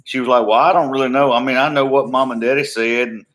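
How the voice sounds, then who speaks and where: Man, middle-aged, drawling, wisecracking, relaxed. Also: mid-range voice, quick pace. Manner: drawling, joking, easygoing. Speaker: co-host of a live cooking chat stream. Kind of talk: casual chat.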